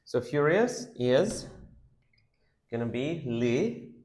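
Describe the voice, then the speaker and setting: Animated male teacher sounding out words. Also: medium pitch, extremely slow, echoey room. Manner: sounds out words syllable by syllable, lively emphasis. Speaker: English teacher. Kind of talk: vocabulary lesson.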